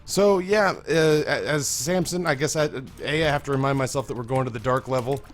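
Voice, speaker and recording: A hoarse young man hosting a let's play, commentating in a rambling, candid way and swearing freely. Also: medium pitch, brisk. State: hoarse, strained voice. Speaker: gaming video host.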